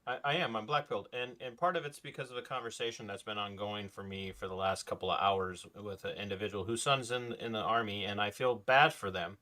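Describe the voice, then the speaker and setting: A man's voice: lowish voice, fairly even intonation, fairly quick, hardly any pauses, sharp tone. A man co-hosting a talk show, speaking with passion and hard emphasis, his voice climbing when he gets worked up. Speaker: co-host. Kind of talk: podcast talk, impassioned rant.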